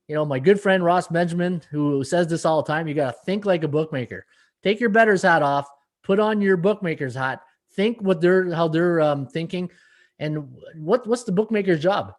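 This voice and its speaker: A middle-aged man hosts a sports betting live stream, chatting loosely and reading viewer comments between fillers and restarts. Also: fairly high pitch. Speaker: sports betting podcast host.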